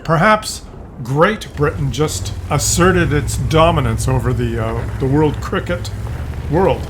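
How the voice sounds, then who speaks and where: Man, game commentator, casual, digressive, joking, higher voice, faint ambient noise behind. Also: fairly bright tone. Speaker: gaming commentator.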